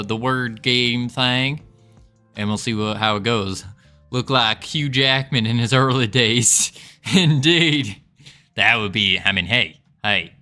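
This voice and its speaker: In a casual livestream, a game developer banters with his audience using a fake Southern accent, full of folksy jokes and frequent laughter. The voice is mid-range, bright, and forceful.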